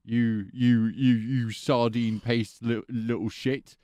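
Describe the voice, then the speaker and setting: A man's voice: medium pitch, level tone, slow pace, mellow, no room sound, studio quality. A man hosting a comedy courtroom sketch as a judge, ranting in a foul-mouthed, aggressive way. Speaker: host playing a judge.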